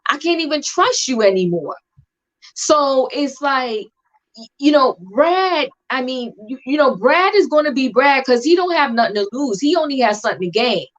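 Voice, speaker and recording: A woman co-hosting a casual chat about a TV show, talking in an animated, emphatic, slangy way. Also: sits high, moderate pace. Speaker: podcast co-host. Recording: dull lo-fi recording.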